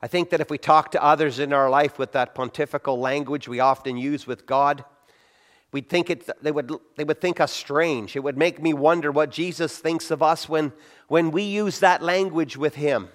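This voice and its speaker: A middle-aged male pastor with a slightly high voice delivers a conversational sermon on prayer, keeping a steady tone at normal speed. As he tells stories, he acts out short quotes.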